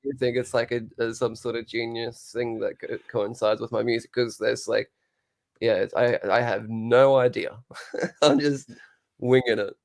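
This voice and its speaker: A man in a casual interview, talking in a dry, low-key, near-monotone way. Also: moderate pace, creaky. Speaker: guest, show co-host and musician.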